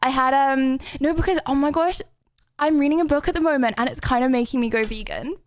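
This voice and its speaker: A woman's voice: sits high, brisk, slight background noise. A young English woman streaming from home, rambling and giggling through casual chat with viewers, with lots of fillers.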